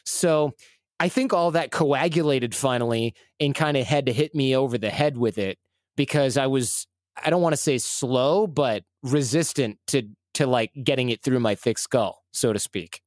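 A man's voice: mid-range voice, moderate pace, dry recording, clean studio sound. A man from Michigan in his forties, talking as a guest in a casual, rambling and self-deprecating way. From Michigan, USA. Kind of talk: casual conversational storytelling.

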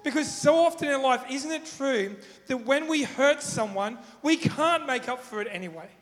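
A man's voice: very high-pitched, lively intonation, normal speed. A man preaching in a casual, conversational way, asking the audience questions and acting out everyday examples. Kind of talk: sermon. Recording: long reverb in a hall.

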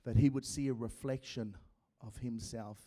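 A man preaching a sermon with an accent, swinging between loud shouting and hushed, dramatic passages. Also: mid-range voice, steady tone, moderate pace, dry recording, studio quality. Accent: non-American.

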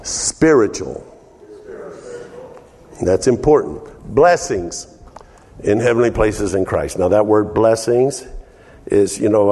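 A man's voice: fairly low pitch, mellow, long reverb tail. An older man preaching a folksy sermon as pastor, calling out to the congregation for amens.

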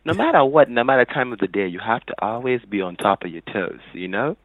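A man's voice: medium pitch, lively intonation, fast, crowd noise. A man answering a call at a hotel desk, boastful and combative, switching between put-on accents. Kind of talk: argumentative phone banter. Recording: tinny dry phone line.

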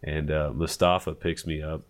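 A man telling a funny story in casual chat, animated and profane, acting out what people said. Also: a bass voice, normal speed. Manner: animated, profane, acts out quotes.

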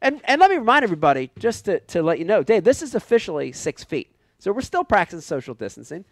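A man hosting a live show with a group of friends, animated and laughing often. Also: high voice, fast talker, no echo. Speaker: host.

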